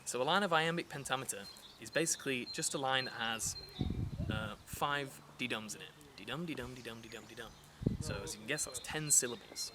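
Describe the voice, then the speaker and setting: A man's voice: mid-range voice, fairly quick, very noisy. A man teaching a casual lesson on poetry, explaining in a chatty way with fillers and restarts. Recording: outdoor recording with clear nature sounds behind. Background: birds and rural ambience.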